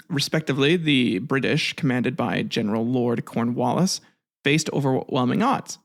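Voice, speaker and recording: A man's voice: mid-range voice, animated, moderate pace, creaky. A man narrating history in a casual, offhand way, with jokes, asides and some swearing. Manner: offhand, joking, swears, restarts words. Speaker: history video host.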